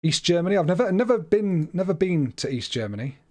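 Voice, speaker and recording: A man's voice: high voice, big pitch swings, fast, darkish tone. A British man giving casual, self-deprecating livestream commentary on a game while laughing often. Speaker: streamer.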